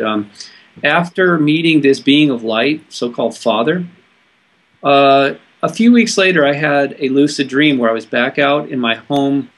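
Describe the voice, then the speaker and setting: A man from California, a guest in an interview, telling a personal story in an earnest, halting way with frequent restarts. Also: mid-range voice, a bit bright.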